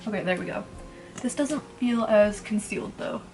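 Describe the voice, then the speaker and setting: A woman's voice: mid-range voice, moderate pace, a little mellow, soft background music. A woman in her twenties chatting casually at home while doing her makeup, rambling and blunt, swearing freely. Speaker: beauty vlogger. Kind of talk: casual get-ready-with-me chat.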